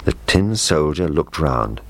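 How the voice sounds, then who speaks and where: A man reading a children's storybook aloud in an expressive way. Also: rumbling low, unhurried, no echo.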